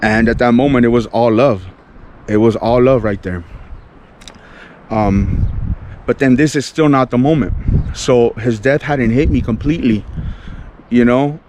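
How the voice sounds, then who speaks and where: A man's voice: mid-range voice, measured pace, pauses often, a little mellow, slight background noise. A man from California telling a personal faith testimony in casual talk, full of "you know" and "like". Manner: fervent, fillers like "you know" and "like". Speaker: faith vlogger.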